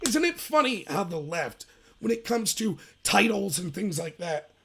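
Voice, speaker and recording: Man, high voice, husky, emphatic political commentary host, rambling livestream rant. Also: very animated, unhurried. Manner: emphatic, rambling, acts out mocking quotes.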